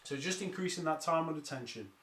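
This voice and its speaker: Male calisthenics coach, high voice, echoey room at home, upbeat follow-along cues. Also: fast, a bit bright, a little hiss or hum. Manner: encouraging, counts down reps, trips over words. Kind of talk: follow-along workout instruction. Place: home during lockdown, exercising on the floor.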